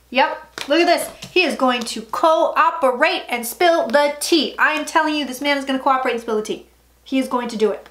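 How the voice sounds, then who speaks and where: A woman with a high, bright-toned voice chats her way through a tarot reading on her own channel. She talks emphatically, then slips into low murmured asides, with a faint hiss of noise underneath. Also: normal speed. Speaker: psychic tarot reader. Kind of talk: casual tarot reading vlog.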